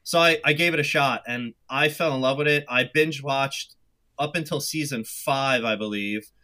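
Bright-voiced man with a New York accent. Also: medium pitch, normal speed. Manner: chatty storyteller, acts out his own past remarks. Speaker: guest. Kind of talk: casual interview chat.

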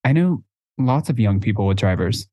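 A man's voice: lowish voice, animated, moderate pace, warm tone, no room sound. Man, podcast co-host, playful chat, laughs a lot, dry studio sound. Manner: chatty, playful, laughs often. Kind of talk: casual chat.

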